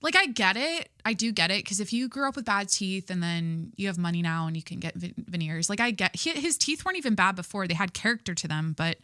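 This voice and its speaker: A woman's voice: medium pitch, expressive, brisk, few pauses, pushed and bright, dry recording, clean studio sound. A young woman hosting a podcast in casual chat, rambling with lots of "like" and swearing, laughing at herself. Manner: rambling, heavy use of "like", swearing, self-mocking. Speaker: podcast host.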